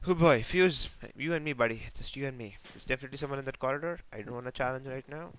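A man hosting a gaming channel, giving live, excitable and self-mocking commentary as he plays, talking to teammates and enemies. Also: mid-range voice, rapid-fire, smooth.

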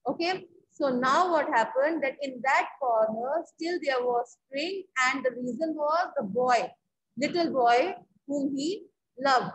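A woman's voice: high-pitched, slow pace, slight background noise, rough recording. A woman with an Indian accent, an English teacher explaining a story line by line and asking the class questions.

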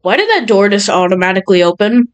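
In her horror game let's play commentary, a young woman talks to her channel's viewers nervously and jumpily. Her voice is mid-range and sing-song at a quick pace, and the high frequencies are cut off.

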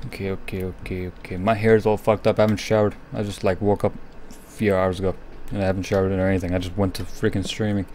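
A young man with a lowish voice talks through a horror game as he plays, jumpy and nervous, often sinking into a whisper. A faint ambient hum sits behind him. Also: level tone, fast, darkish tone. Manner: jumpy, nervous running commentary. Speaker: gaming streamer.

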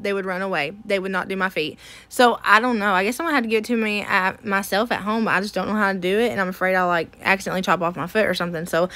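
A woman's voice: a little high, pushed and bright, no room sound. A woman, from Tennessee, chatting casually to her viewers as a home makeover vlogger, self-deprecating and laughing often. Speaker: home makeover vlog host. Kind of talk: casual chat to camera.

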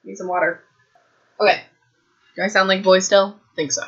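A woman hosting a podcast from home with a hoarse, raspy throat, chatting in a rambling, self-mocking way and saying "like" a lot. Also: medium pitch, little pitch movement, normal speed, dull audio. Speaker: podcast host. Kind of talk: casual chat, rambling book summary.

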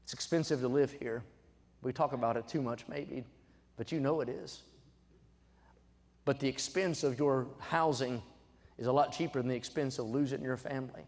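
Emphatic young preacher, echoing church. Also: male voice, normal speed, pauses often. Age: young adult. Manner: emphatic, swings from low asides to loud exhortation. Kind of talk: sermon. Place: church sanctuary. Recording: church sanctuary with long reverb.

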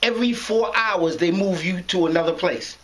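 A man telling a street story in a casual interview, animated and slangy, acting out the voices in it. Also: high-pitched, normal speed, low-quality recording. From New York. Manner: animated, slangy, acts out dialogue, laughs often.

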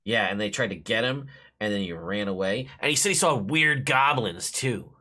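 A man's voice: on the low side, moderate pace. A game master voicing an eager young boy who rambles on about rumors he has heard. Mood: earnest. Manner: breathless, rambling, excitable. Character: young boy, Toblin's son, eager gossip. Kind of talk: tabletop game voice acting.

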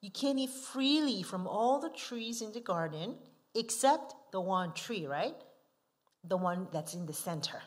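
A woman missionary delivers a sermon at an unhurried, deliberate pace, with a voice in the middle pitch range. She keeps putting rhetorical questions to the congregation. She drops to soft asides, then lands hard on key words. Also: lively intonation. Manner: asks the listeners frequent rhetorical questions; emphatic, swinging from soft asides to forceful stresses. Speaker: missionary preacher.

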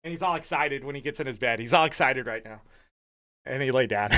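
A male streamer chatting casually and warmly gushing about his pet during a live game stream. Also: mid-range voice, moderate pace. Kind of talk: casual livestream chat.

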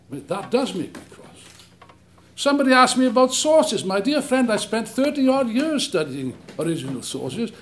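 A man speaking at a public debate with indignant force, driving home his argument through rhetorical questions and frequent restarts. His voice sits high and swings widely in pitch. He sounds emotional and combative, never flat. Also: normal speed. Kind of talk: impassioned public debate speech. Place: lecture hall.

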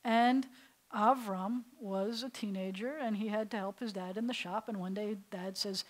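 A woman rabbi teaching a class, telling the story in an animated, conversational way. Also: mid-range voice, normal speed. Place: synagogue classroom.

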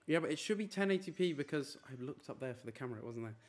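Young man reading names fast. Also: a little high, animated. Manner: rattling off names in a quick run. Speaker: streamer. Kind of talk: casual live-stream chat. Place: apartment room.

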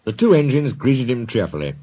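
A man narrating a children's storybook in a dry, gently wry way. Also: medium pitch, big pitch swings, brisk, husky.

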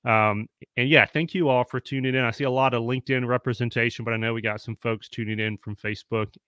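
A man's voice: mid-range voice, steady tone, fast, pushed and bright, clear, resonant tone, dry recording, studio quality. Upbeat man hosting a live stream. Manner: upbeat, chatty, greets viewers by name. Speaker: host. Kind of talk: live-streamed panel interview.

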